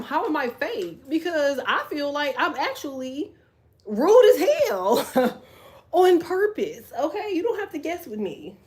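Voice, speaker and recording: Blunt, laughing woman on a live stream. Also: fairly high pitch. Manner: blunt, lively, laughs often, reads chat aloud. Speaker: tarot live stream host. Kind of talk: casual live stream chat.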